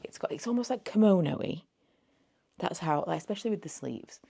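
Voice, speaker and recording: A woman near forty talks through her thrift haul in a loose, rambling vlog chat. Her voice sits low and has a gravelly fry, and her words run a little slurred, like she has only just woken up. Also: expressive, brisk, dark tone. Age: late 30s. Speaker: beauty vlogger.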